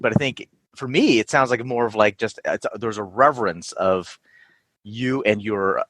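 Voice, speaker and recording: A man's voice: lowish voice, moderate pace, a bit bright, no echo. A man hosting a podcast, asking questions and reflecting in a hesitant way with many fillers. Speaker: podcast host. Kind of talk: interview conversation.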